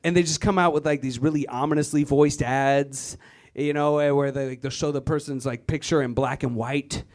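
A man's voice: on the high side, fairly even intonation, moderate pace. A man from Virginia doing a stand-up comedy set on a club stage, mocking the voices of the people he describes. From Virginia, USA. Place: comedy club stage before a live audience.

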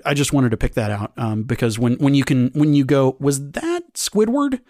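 A man's voice: medium pitch, fairly quick, mellow, dry recording, studio quality. Hesitant man on a film podcast. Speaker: podcast panelist. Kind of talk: casual film discussion.

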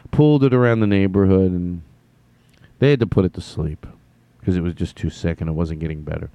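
A man's voice: sits low, a little fast, dark tone, no room sound, highs cut off. A man hosting a podcast, telling a story in a rambling, self-mocking way with stammering restarts. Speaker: podcast host. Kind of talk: comedic monologue.

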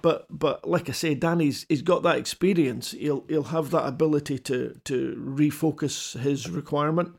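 A man in a casual rally chat, speaking haltingly with many restarts, then settling into considered opinions. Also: on the high side, vocal fry.

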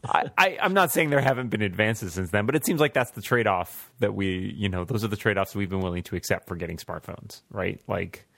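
Male podcast co-host, wry humor, deep lively delivery, dry recording. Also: a little fast, creaky, few pauses, dry recording. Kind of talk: casual chat.

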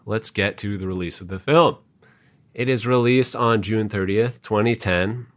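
A man with a low voice leads a casual podcast chat. He lays out the story in a steady, informative way and drops in the odd dry aside. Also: moderate pace. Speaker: podcast host presenting the research.

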